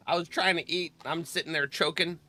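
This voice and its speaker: Bright-voiced man streaming a game. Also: a little high, steady tone, moderate pace. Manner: chatty, laughs often, clears throat. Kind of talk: casual live-stream chat.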